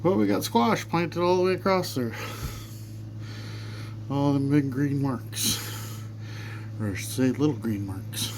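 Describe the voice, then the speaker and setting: A man's voice: medium pitch, a little slow, vocal fry, pauses often, noisy background. Easygoing folksy man vlogging outdoors. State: slightly out of breath. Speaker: farm vlogger. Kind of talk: casual vlog narration. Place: outdoors on a farm field.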